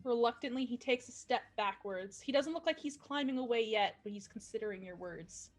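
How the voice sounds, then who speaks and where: A woman's voice: fairly high pitch, lively intonation, a little fast, soft background music. A woman narrating as game master, chatty and cheerful, with stumbles and asides.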